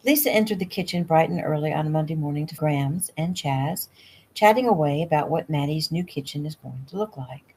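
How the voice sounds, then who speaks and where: A woman author reading her own novel aloud at home in a relaxed, unpolished way. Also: low voice, normal speed, husky. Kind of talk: casual audiobook narration. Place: home room.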